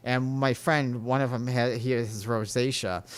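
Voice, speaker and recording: A man's voice: mid-range voice, fairly even intonation, unhurried, clean tone. A man hosting a podcast, talking in an earnest, rambling way about spirituality and telling stories. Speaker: podcast host. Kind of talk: casual spiritual talk.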